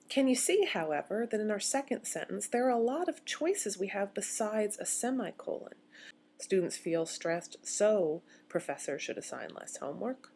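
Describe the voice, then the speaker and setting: A woman's voice: mid-range voice, mellow. A woman giving a recorded grammar lecture as a university instructor, explaining step by step and posing questions to her students.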